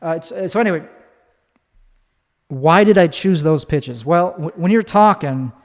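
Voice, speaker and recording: A man's voice: on the high side, expressive, unhurried, long reverb tail. A man talking casually in a rambling monologue, swearing and often restarting his sentences. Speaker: podcast host.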